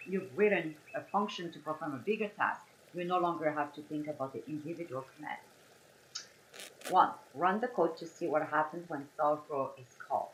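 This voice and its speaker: Working through a coding puzzle on a live stream, a young woman from France speaks in a low-pitched voice with a French accent. She's chatty and apologetic, explaining every step as she goes. The recording is rough, with slight background noise.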